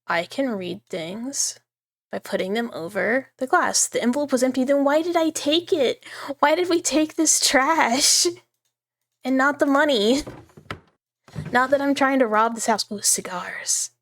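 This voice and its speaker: A woman's voice: high-pitched, unhurried, fairly bright tone. A woman streamer chatting her way through a horror game, giggly and full of asides. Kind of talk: live horror game commentary.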